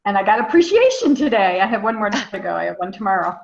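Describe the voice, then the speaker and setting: A woman's voice: medium pitch, very animated, quick pace, gravelly. A woman on a video call giving heartfelt, affirming feedback, moved almost to tears. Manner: warm, affirming, emotional. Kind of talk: casual group video call. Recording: echoey room, dull video call audio.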